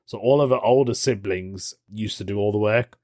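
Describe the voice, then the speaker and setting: A man's voice: on the low side, normal speed, darkish tone, no echo, clean studio sound. A man hosting a podcast in a casual chat, jokey and rambling, laughing often at his own asides. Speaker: podcast host.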